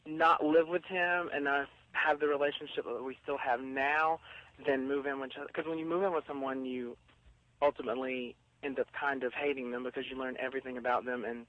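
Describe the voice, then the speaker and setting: A man's voice: medium pitch, fairly even intonation, brisk, lo-fi sound. A man in his twenties calling in for advice, hesitant and rambling. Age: 20s. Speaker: caller seeking advice. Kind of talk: casual chat.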